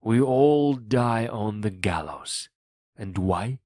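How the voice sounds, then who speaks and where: An angry pirate mutineer, acted by a male reader, loud and accusing in a storybook reading. He speaks slowly and forcefully, and the recording is dry and close. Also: fairly low pitch, lively intonation, no room sound.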